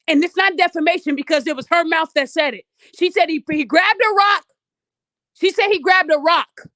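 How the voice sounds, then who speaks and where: A woman's voice: very high voice, a bit bright, no echo, clean studio sound. A woman podcast host giving blunt, profane commentary straight to her audience. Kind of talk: ranting commentary.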